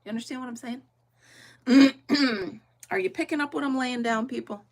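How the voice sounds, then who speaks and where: A woman's voice: a little high, moderate pace. A middle-aged woman chatting casually and laughing often as she crafts on a livestream, thinking aloud and talking to her viewers. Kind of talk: casual chat while crafting.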